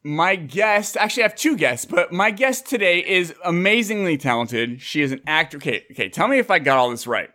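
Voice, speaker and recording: A man in his thirties hosting a casual podcast, excitable and jokey, swearing casually as he chats with guests. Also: high voice, brisk, few pauses. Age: 30s. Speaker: podcast host.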